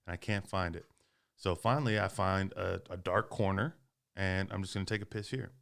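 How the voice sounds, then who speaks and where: Podcast host, man, low and smooth voice, casual and foul-mouthed storyteller. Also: fairly quick. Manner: profane, animated storyteller.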